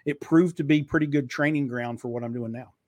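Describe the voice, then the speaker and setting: A middle-aged man with a light Kentucky twang, talking in the smooth, controlled manner of a former radio broadcaster. He gives long, flowing answers in a dry, close recording. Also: mid-range voice, brisk, darkish tone, dry recording. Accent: slight Kentucky twang. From Eastern Kentucky. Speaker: guest, author and marketer. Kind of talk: casual interview.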